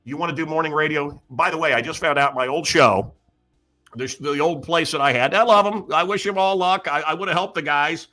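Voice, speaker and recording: A man's voice: fairly high pitch, brisk, sharp tone, soft background music. A man hosting a talk show, delivering a sarcastic, ranting comedic monologue full of mocking asides. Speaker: radio show host.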